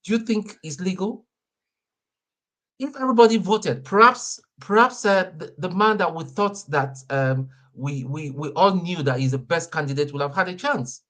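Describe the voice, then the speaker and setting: A man's voice: high voice, moderate pace, a bit bright. A man from Nigeria, calling in to an online debate, talking angrily with lots of stammered repeats. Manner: angry, repetitive, stammering. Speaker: caller. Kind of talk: heated debate.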